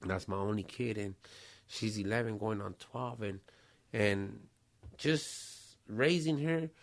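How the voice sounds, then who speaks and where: A man's voice: lowish voice, slow, gravelly. Streetwise man, casual podcast chat. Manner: streetwise slang mixing in Spanish phrases, swearing freely. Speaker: podcast host.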